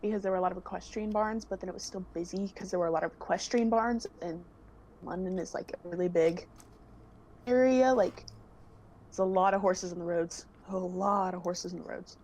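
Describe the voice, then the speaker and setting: A woman's voice: on the low side, fairly even intonation, darkish tone. A young woman, a guest on a casual chat, talking in a chatty, giggly way. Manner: giggly, chatty, quick to laugh.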